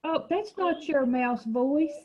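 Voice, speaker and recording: A woman's voice: high voice, slow. A woman who teaches a children's reading group. She prompts and encourages the children patiently. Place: classroom. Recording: dull lo-fi classroom recording.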